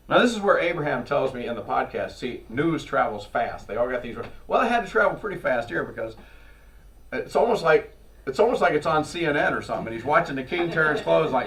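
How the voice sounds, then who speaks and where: A man preaches to his congregation in a lively, storytelling way, slipping into the voices of the characters. His voice sits a bit high. The mic picks him up from a distance. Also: brisk. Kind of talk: sermon. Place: church. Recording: voice from far off the mic.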